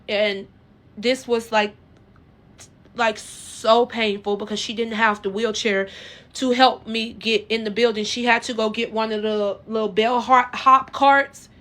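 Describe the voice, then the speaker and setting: Woman, casual storytelling vlog; slightly high voice, earnest and halting. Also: fairly bright tone. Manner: halting, rambling, many "like" fillers and restarts; earnest and emotional. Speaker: vlogger telling her own story. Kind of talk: casual personal storytelling to viewers.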